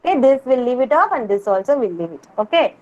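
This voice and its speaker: A young woman teaching a kindergarten Hindi class over a video call, drilling words in Indian English with slow, patient repetition. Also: high voice, big pitch swings, a little mellow, lo-fi sound. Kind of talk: online class teaching children.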